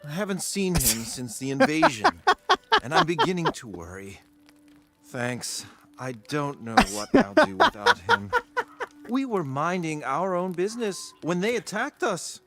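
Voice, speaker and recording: A man voicing a worried male villager in a video game who is missing his husband, reading his lines in a flat, uninterested way. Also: high-pitched, unhurried, vocal fry, over music, exaggerated voice.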